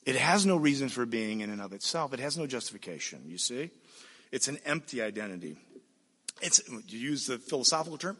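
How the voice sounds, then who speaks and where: Male pastor mid-sermon; husky voice, lively intonation, emphatic and repetitive. Reverberant hall. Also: medium pitch. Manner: emphatic, repeats phrases and asks "you see?".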